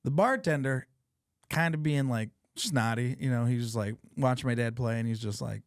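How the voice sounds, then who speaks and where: A podcast host tells funny family stories in a casual, animated, profane way. His mid-range voice moves at normal speed, captured in a dry, clean studio recording, in the style of easygoing chat and storytelling.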